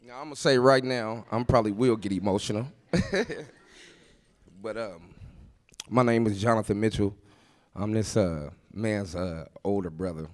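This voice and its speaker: A man giving a rambling, emotional wedding toast as the groom's older brother, laughing between lines at a wedding reception. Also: on the low side.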